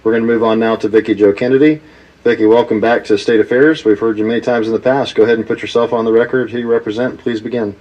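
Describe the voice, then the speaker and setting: A man chairing a committee hearing, calling on callers in a brisk, routine, polite way. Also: fairly low pitch, fairly even intonation, a little mellow, dull audio. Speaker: committee chair running testimony. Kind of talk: procedural hearing moderation.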